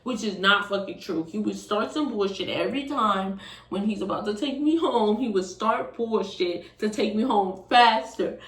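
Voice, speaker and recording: A young woman in her twenties telling a storytime, casual and animated, swearing often. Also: mid-range voice, normal speed. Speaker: vlogger. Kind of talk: storytime vlog. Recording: roomy, distant from the mic.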